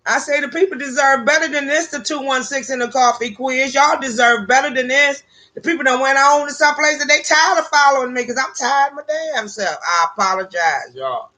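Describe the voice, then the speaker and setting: A woman hosting a casual live stream from her porch, talking in an animated, exasperated, rambling way with lots of swearing. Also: sits high, fairly quick. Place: outdoors on a porch.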